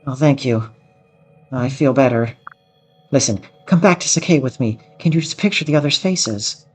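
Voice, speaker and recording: A man's voice: medium pitch, normal speed, slightly rough, faint music behind, close to an everyday voice. A man voicing an earnest young female noble swordswoman of the plains, reading game dialogue aloud in a heartfelt, eager manner.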